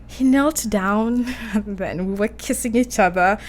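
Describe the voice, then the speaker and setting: A woman's voice: mid-range voice, unhurried, close to an everyday voice. A woman playing a romantic, emotional young English woman in a radio play, talking in a breathless, girlish way. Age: young adult.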